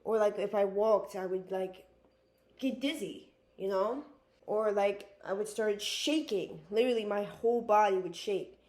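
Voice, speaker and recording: A woman's voice: mid-range voice, unhurried, darkish tone, roomy sound. A young woman vlogger talking earnestly and emotionally about her own struggles, with many restarts and fillers. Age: young adult. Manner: emotional, earnest, repeats herself, frequent "like" and restarts. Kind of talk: personal confessional talk to camera.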